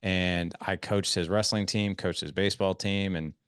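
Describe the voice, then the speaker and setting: A man's voice: sits low, fairly even intonation, normal speed, clean tone, no echo, studio quality. A man hosting a podcast who tells a rambling, self-deprecating anecdote full of fillers. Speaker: podcast host. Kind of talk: casual storytelling conversation.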